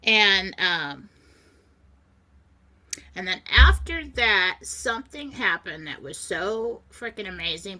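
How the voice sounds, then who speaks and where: A woman's voice: mid-range voice, expressive, unhurried, sharp tone. A woman co-hosting a talk show, animatedly telling a personal story in casual chat and laughing often as she goes. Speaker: co-host.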